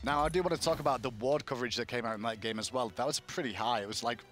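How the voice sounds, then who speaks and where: A man's voice: mid-range voice, fairly bright tone, faint music behind. A man giving analytical commentary on a live esports match. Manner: analytical, measured. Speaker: esports caster.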